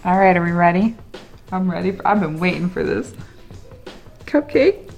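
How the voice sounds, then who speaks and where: A woman's voice: on the low side, expressive, moderate pace, darkish tone, lo-fi sound, faint music behind. A woman co-hosting a podcast, chatting casually and playfully and laughing often. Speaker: podcast co-host. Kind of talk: casual chat.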